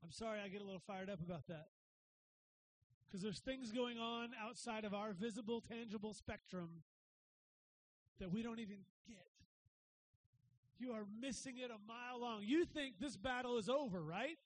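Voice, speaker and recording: High-voiced energetic pastor preaching. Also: male voice, normal speed, long pauses, slight background noise, rough recording. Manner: energetic, swings from shouts to quiet asides; conversational, says "right?" often. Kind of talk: sermon.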